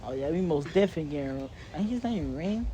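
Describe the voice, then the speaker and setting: Man, high voice, excited casual chat, loud crowd noise behind. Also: fast. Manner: chimes in with excited, high-pitched quoted lines. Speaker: co-host chiming in. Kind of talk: casual improvised storytelling.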